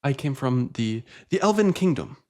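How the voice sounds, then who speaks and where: A man's voice: medium pitch, sing-song, moderate pace, darkish tone, lightly acted. Man voicing a tiny rat with pigeon wings, courteous, formal, tabletop game. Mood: polite.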